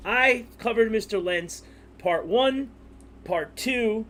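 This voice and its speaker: A man's voice: high voice, expressive, extremely slow, long pauses, a bit bright. A man hosting a casual commentary over court clips, joking and mocking. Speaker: commentary host.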